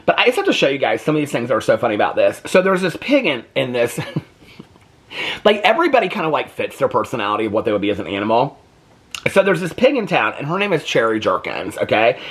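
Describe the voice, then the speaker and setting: Animated, husky-voiced man reviewing books. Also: mid-range voice, fast. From United States. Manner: animated, laughing, lots of "like" fillers. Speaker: book reviewer. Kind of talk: casual book review vlog.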